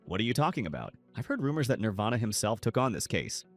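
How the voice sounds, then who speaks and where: A man's voice: mid-range voice, quick pace, soft background music. A man voicing a worried old friend. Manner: hushed, urging calm.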